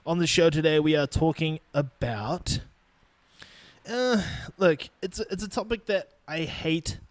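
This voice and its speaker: In an unhurried, slightly high voice, a young podcast host from New Zealand goes on a casual, foul-mouthed, blunt rant in his native accent. He laughs between points, and the recording is dry.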